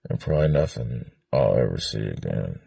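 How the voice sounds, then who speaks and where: Husky, excitable man swearing freely. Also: rumbling low, moderate pace, no room sound. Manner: profane, excitable, rambling with frequent laughs. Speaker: former bandmate interviewed. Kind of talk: casual documentary interview.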